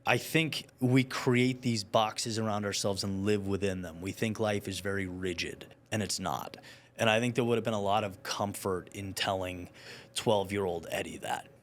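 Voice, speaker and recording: Male interview guest, lowish voice, animated storyteller. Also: a little hiss or hum. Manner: animated storyteller, quick asides. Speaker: guest, motivational speaker. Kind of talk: casual interview chat.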